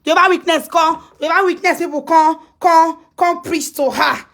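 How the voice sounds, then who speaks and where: Very high-pitched scolding Nigerian woman. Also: steady tone, moderate pace. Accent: Nigerian Pidgin English. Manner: scolding, repetitive, emphatic, breaks into shouts. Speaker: social media personality. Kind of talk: ranting live-stream commentary.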